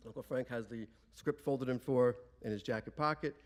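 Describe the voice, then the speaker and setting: A man tells a comic family story live before an audience. His delivery is animated and playful. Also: mid-range voice, fast talker, few pauses.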